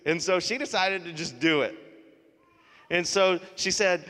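A man preaching a sermon as pastor, telling stories in a conversational, animated way. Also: sits high, unhurried, pauses often. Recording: live sermon in a reverberant hall.

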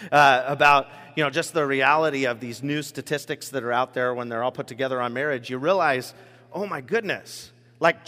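A bright, forceful male pastor preaching in a relaxed, conversational way, circling back and restarting his phrases as he goes. His voice sits a little high for a man and carries a long reverb from the church hall. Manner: conversational, animated, with many restarts. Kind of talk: sermon.

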